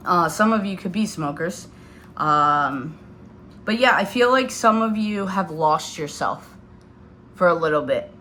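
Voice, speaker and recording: A woman's voice: fairly low pitch, expressive, a little slow, pushed and bright, a little hiss or hum. A woman in her thirties giving a casual tarot reading to her viewers, chatty and loose, with lots of fillers. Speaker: tarot reader.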